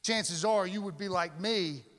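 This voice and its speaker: A male pastor preaching a sermon emphatically, with dramatic pauses and slowed key words. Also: high-pitched, a bit bright, long reverb tail.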